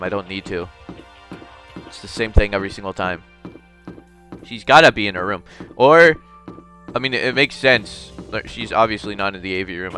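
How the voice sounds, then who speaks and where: A man's voice: low voice, sharp tone. A young man playing through a game on video, reading its text aloud with jokey asides. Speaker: gamer. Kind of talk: let's play commentary and text reading.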